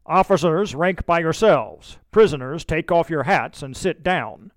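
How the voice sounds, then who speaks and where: A man's voice: fairly high pitch, lively intonation, unhurried, no echo, clean studio sound. A man reading a commanding colonel's orders. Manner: calling out orders. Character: commanding male colonel, urgent.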